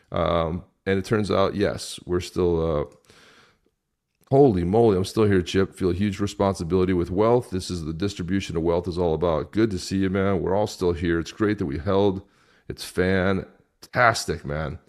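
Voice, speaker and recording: Low-voiced excitable man hosting live. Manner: excitable, chatty, reads viewer comments aloud. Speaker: crypto show host. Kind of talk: live-stream commentary.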